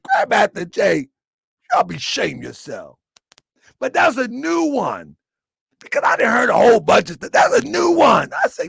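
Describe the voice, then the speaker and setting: A man hosting his own channel, ranting loudly and laughing through animated commentary. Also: extremely high pitch, measured pace, vocal fry, pauses often, breathy edge, dry recording. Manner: loud, laughing, animated rants. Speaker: channel host.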